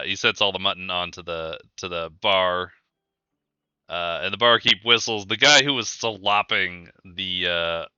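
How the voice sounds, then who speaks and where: A man's voice: lowish voice, sharp tone, smooth, no room sound. A man running a tabletop game as game master, narrating scenes in rambling descriptions. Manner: rambling descriptions, many fillers.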